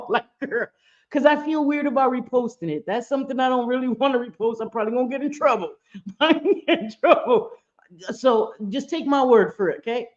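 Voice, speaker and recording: A woman's voice: a little high, a little mellow. A woman in her fifties hosting a casual livestream chat, blunt and profane, laughing often as she talks. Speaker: livestream host. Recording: dull lo-fi stream audio.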